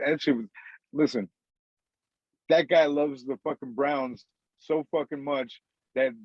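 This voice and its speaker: A man's voice: medium pitch, no echo, highs cut off. A man co-hosting a podcast in casual, profane chat, rambling and saying "dude" all the time. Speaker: podcast co-host.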